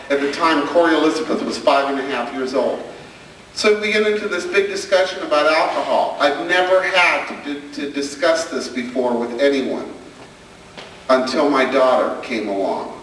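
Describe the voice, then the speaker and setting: A man's voice: medium pitch, fairly bright tone, a little hiss or hum. A man doing a stand-up comedy routine, telling stories and acting out his daughter's questions, recorded from afar on a camcorder. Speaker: stand-up comedian and parenting speaker. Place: hall with an audience. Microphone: far camcorder. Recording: echoey, distant camcorder recording of a hall.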